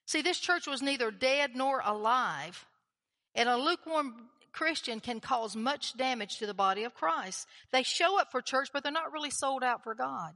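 A woman's voice: sits high, animated, moderate pace, sharp tone. A woman preaching a sermon in a chatty, conversational way, often putting questions to the congregation. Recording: long hall reverb.

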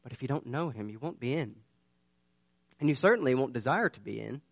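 A man's voice: mid-range voice, expressive, brisk, vocal fry, dry recording. Earnest preacher man, dry sound. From southern United States. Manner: earnest, conversational storytelling that builds to urgent warnings. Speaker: pastor. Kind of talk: sermon with personal storytelling.

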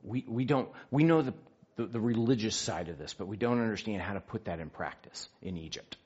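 A man with a low, husky voice tells a personal story in an animated way, slipping into the voices of the people he quotes. The recording sounds dull and lo-fi. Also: fairly quick. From United States. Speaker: speaker sharing a faith story. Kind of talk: storytelling talk.

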